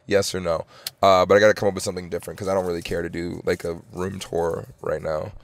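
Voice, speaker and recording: A man's voice: flat delivery, quick pace, gravelly, no echo. A young man in his twenties, co-hosting a podcast in casual chat, telling stories and acting out what people said. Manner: storytelling, acts out quoted lines with jumps in pitch. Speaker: podcast co-host.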